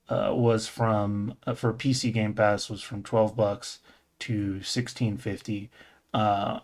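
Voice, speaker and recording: A man co-hosting a casual podcast, rambling and correcting himself, laughing often and swearing casually. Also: fairly low pitch. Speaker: podcast co-host. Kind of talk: casual gaming podcast chat.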